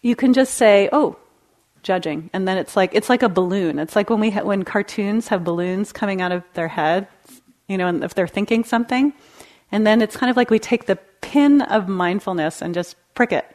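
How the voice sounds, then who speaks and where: A woman meditation teacher giving a dharma talk in a gentle, conversational way, laughing lightly now and then. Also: medium pitch, moderate pace. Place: meditation hall.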